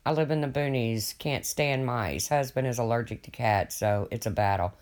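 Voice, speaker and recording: A man's voice: medium pitch, normal speed. An older man rambling casually to viewers on his livestream, folksy and swearing freely as he reads their comments. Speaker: livestream host.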